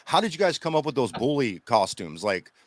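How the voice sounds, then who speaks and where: Brief: male co-host, lively pitch, fast, eager questions, dry sound. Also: no room sound. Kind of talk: casual interview questions.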